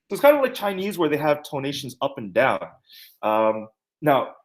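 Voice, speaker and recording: An animated male martial arts instructor teaches basic terms with playful memory tricks. His pitch swings widely as he jokes and demonstrates, and his delivery is loose and conversational. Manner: animated, jokey, sings and mimics to teach words. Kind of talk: teaching terminology with playful mnemonics.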